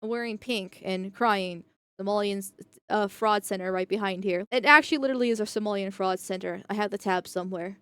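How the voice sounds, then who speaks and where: A woman's voice: mid-range voice, a little fast, fairly bright tone, clear, resonant tone, dry recording. A woman streamer giving casual reaction commentary, blunt, profane and sarcastic.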